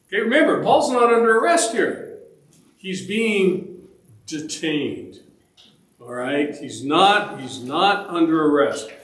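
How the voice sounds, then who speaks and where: Slow-talking, high-voiced Bible study teacher. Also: male voice, big pitch swings, a bit bright, roomy sound, low-quality recording. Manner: asks the group questions, checks in with "all right?"; conversational, with restarts and fillers. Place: church meeting room.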